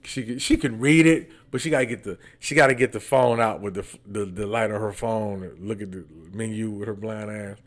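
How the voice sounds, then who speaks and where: A man's voice: fairly low pitch, a little fast, few pauses. A man hosting a podcast with a slight lisp from braces, telling stories in a loose, teasing, candid way. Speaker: podcast host. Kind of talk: casual storytelling monologue.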